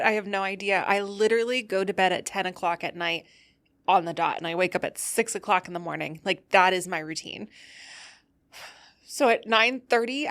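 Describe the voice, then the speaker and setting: A woman's voice: medium pitch, a bit bright. A tired, loopy woman hosting a casual solo podcast, rambling and laughing often as she tells a story. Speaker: podcast host.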